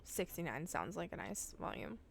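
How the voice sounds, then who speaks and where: A woman's voice: lowish voice, big pitch swings, moderate pace, gravelly, slight background noise. A woman live streaming from home, chatting casually and swearing freely as she talks straight to her viewers while setting up a game.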